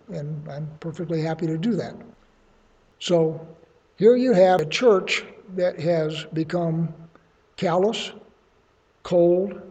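A man's voice: high voice, warm tone. A man preaching a sermon, reading scripture and explaining it in a conversational teaching manner with folksy asides. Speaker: pastor. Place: church hall. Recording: dull sound in a long-echo hall.

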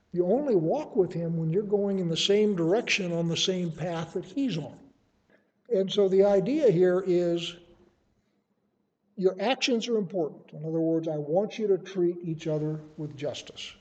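A man teaching scripture in a high voice with a soft, mellow tone. He reads each verse aloud with emphasis. Then he explains it in an easy, conversational way, verse by verse. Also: dull audio. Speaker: Bible teacher.

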